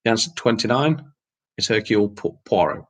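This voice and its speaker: With a lowish, sing-song voice and a slightly fast delivery, a man hosts an online quiz night. He's casual and chatty while reading the questions and answers, laughs often, and uses some mild swearing.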